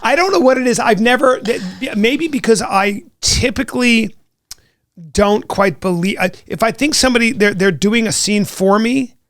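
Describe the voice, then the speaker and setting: Guy hosting a podcast, high gravelly voice, keeps restarting his sentences. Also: moderate pace, fairly bright tone, dry recording, studio quality. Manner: rambling, many restarts and stammers. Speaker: podcast host. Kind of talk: casual interview chat.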